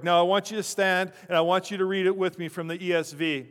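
A pastor giving a conversational sermon, with chuckling asides, in a church sanctuary. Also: male voice, sits high, fairly even intonation, fast talker, hardly any pauses. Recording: long church reverb.

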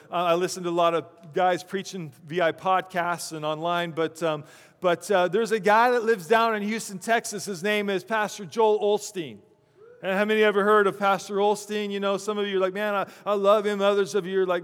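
High-voiced man preaching in a reverberant church. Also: fairly bright tone. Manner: conversational, chuckling asides. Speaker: pastor. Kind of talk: sermon. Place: church sanctuary.

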